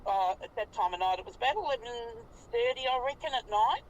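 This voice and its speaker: A woman in her fifties with an Australian accent, telling a story in an animated, colloquial way and swearing freely. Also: fairly high pitch, brisk, distant mic, muffled recording, a little hiss or hum. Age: 50s. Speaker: interviewee recounting a sighting. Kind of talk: casual storytelling interview.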